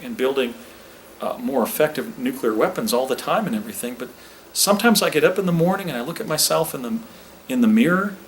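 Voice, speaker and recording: A man putting on a folksy young male politician with a Southern-sounding drawl, pitched higher than his own voice. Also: animated, quick pace, a little hiss or hum, close to an everyday voice, poor audio.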